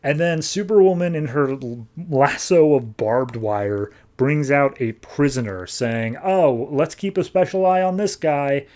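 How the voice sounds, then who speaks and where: A man's voice: mid-range voice, measured pace, few pauses, a little mellow. A man hosting a podcast, casually recapping a comic book and paraphrasing the characters in slangy, offhand dialogue. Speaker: podcast host.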